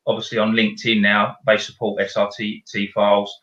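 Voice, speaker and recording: A man's voice: lowish voice, monotone, a little fast, a bit bright, echoey room, lo-fi sound. A man with a South London accent, a podcast guest giving practical explanations in casual chat. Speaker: guest, video company director.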